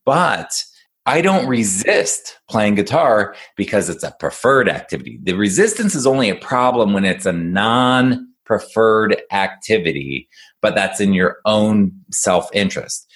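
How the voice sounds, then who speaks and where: A man's voice: on the low side, big pitch swings, unhurried, a bit bright. A man working as an executive functioning coach, explaining ideas to a young listener in an upbeat, casual conversation. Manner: upbeat, explanatory, talks to kids.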